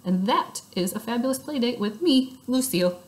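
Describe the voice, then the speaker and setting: Lady doing a squeaky spoiled little rich girl, gushy and showy, way up high in pitch. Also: expressive, darkish tone, close to an everyday voice, rough recording. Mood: gushing. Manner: gushing, showy, drawn-out.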